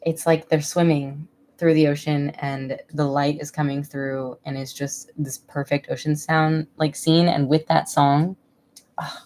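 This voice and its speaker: A woman's voice: sits low, level tone, unhurried, a little mellow. A woman in her thirties chatting casually on a live stream from home, rambling and emotional, laughing often. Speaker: vlogger.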